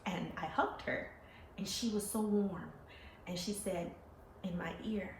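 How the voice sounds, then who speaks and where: A woman telling her own life story to her viewers, emotional and animated, acting out the voices she quotes. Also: medium pitch, unhurried. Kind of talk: personal storytelling to camera. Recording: echoey room with faint ambient noise.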